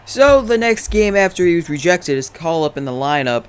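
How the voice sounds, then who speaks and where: A man's voice: fairly high pitch, normal speed, soft background music. A young man doing profane, rambling, joking commentary over a baseball video game. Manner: profane, rambling, deadpan jokes. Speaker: gaming commentator.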